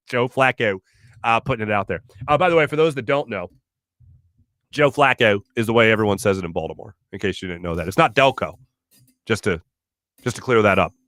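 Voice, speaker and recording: A man in his thirties hosting a sports talk show, rambling in an animated way and correcting himself as he goes. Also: fairly low pitch, fairly quick, long pauses, no room sound. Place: radio studio.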